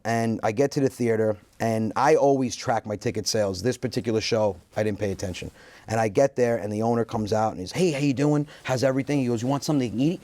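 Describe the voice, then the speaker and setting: Man, comedian guest, casual storytelling, acts out quotes, mid pitch, dry recording. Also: dry recording. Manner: animated storyteller acting out quotes.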